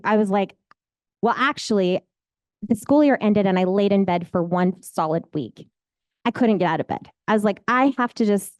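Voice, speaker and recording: A woman's voice: medium pitch, a little mellow, dry recording. A woman, a real estate agent telling her own story in a candid, rambling, emotional way. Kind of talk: personal storytelling.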